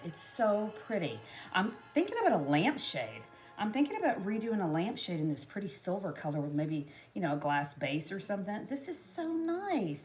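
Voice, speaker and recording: A woman chatting casually and rambling through a home DIY tutorial, full of asides to her viewers. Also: mid-range voice. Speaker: craft vlogger. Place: home kitchen.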